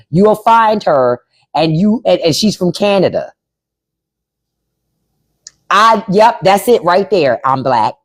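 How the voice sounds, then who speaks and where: A blunt woman with a lively, medium-pitched voice hosts a casual live-stream chat. She swears, repeats herself for emphasis, reads out messages from chat, and spells out names.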